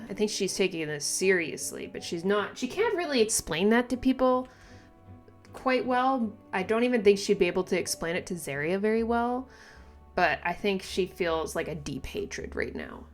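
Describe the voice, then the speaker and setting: A woman reacting casually to a manga, thinking aloud with lots of fillers and restarts, and breaking into excited exclamations and giggles. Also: medium pitch, normal speed, faint music behind. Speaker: manga reaction channel host.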